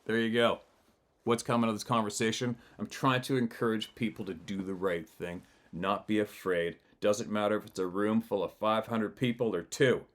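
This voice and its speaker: This is a man with a fairly low voice, hosting his own show in a loose, rambling monologue. He talks bluntly and swears freely. He laughs as he goes and often breaks off his sentences to start them again. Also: steady tone, normal speed. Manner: rambling with frequent restarts. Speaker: channel host. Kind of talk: casual storytelling monologue.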